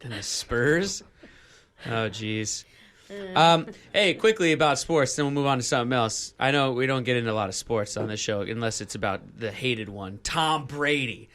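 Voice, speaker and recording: A man's voice: mid-range voice, normal speed, a bit bright. A young man hosting a radio show, from Seattle, chatting casually and playfully and drifting into silly bits. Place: radio studio.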